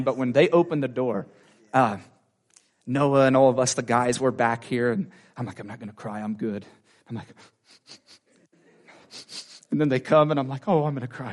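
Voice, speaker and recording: A young man preaching in a church, talking earnestly and conversationally with plenty of fillers as he shares personal testimony. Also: medium pitch. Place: church sanctuary.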